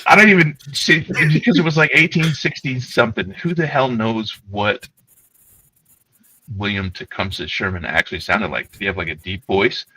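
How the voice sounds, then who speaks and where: A man's voice: on the low side, poor audio. A man co-hosting a livestream, telling rambling, profane stories in casual chat. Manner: rambling, profane, animated storytelling. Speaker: co-host.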